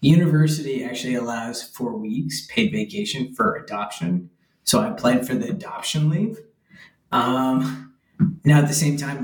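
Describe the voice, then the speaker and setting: A young man speaking as an interview guest about becoming a father, rambling with many fillers and frequent laughs. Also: medium pitch. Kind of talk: casual conversational interview. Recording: roomy, from a distance.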